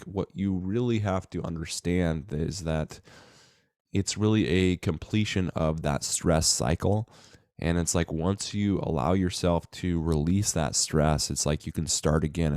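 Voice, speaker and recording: A man's voice: deep voice, a little mellow, dry recording, studio quality. A man in a casual, reflective monologue to his viewers, full of fillers and restarts. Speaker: self-help vlogger.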